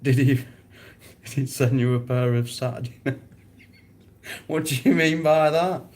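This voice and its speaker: A man's voice: mid-range voice, unhurried, darkish tone. A man chatting casually on a live stream, answering viewers, rambling and often breaking into laughter.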